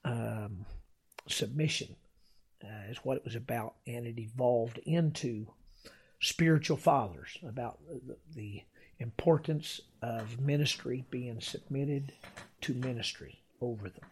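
A man preaches with a rough, gravelly edge and a slightly breathy, husky tone. He teaches in an unhurried way, pausing on filler sounds and reading old-style scripture aloud. His pitch sits in the middle range for a man. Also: darkish tone. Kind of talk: sermon-style teaching with personal story.

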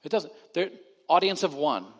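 A man's voice: on the high side, very animated, normal speed. Man preaching in a reverberant hall. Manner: conversational, swings from loud emphasis to hushed quiet. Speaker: pastor. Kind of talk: sermon.

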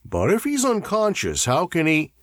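A man's voice: high-pitched, huge pitch swings, normal speed, no room sound, studio quality, voice pushed up. A man voicing a nervous, kindly crewman who talks hesitantly and coaxingly. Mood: fretful.

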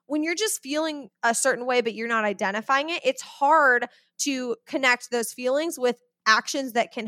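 A young adult woman hosting a solo podcast, talking in a chatty, animated way and often checking in with "okay?" and "right?". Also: high voice, no echo, studio quality. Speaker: podcast host. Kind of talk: solo podcast monologue on money mindset.

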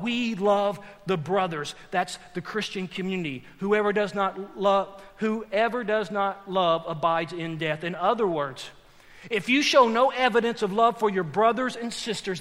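A male pastor, preaching a sermon that moves between quiet, slow lines and loud, emphatic shouts. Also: sits high. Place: large church hall. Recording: long hall reverb.

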